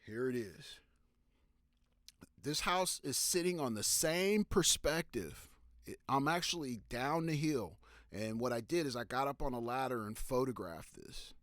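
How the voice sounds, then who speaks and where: A man's voice: medium pitch, animated, fairly bright tone, no room sound. Chatty man teaching photography, dry sound. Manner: loose and conversational, many fillers and restarts, pauses to read viewer questions. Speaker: professional photographer giving tips on a live stream. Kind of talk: casual live-stream talk.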